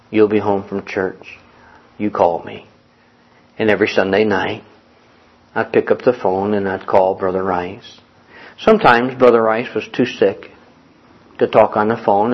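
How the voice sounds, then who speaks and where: A middle-aged man preaching a sermon, telling a personal story in a folksy, animated way and acting out the dialogue. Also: on the low side, dull audio. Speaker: pastor.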